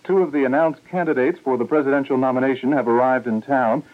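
A man reading the hourly radio news in a steady, formal newscaster manner. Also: mid-range voice, fast. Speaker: news anchor. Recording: tinny old radio broadcast.

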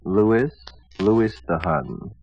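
A man playing Attila the Hun as a meek grown son who complains to his mother in a dry, deadpan way, in a 1960s radio comedy sketch. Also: lowish voice, extremely slow, slightly rough, soft background music, exaggerated voice. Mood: plaintive. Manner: mild, plaintive, dry deadpan. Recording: dull old radio broadcast.

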